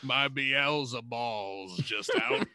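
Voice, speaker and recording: A man playing a lewd, mischievous male Devil and fallen angel in a comedy bit on a video call, with a gravelly, pirate-like growl. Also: mid-range voice, very slow, sharp tone, exaggerated voice. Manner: leering, teasing, cackling.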